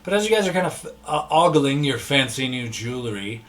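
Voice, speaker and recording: A man running an online tabletop game as game master, talking in a loose, relaxed way with lots of fillers and restarts. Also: mid-range voice, fairly quick. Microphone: online session mic.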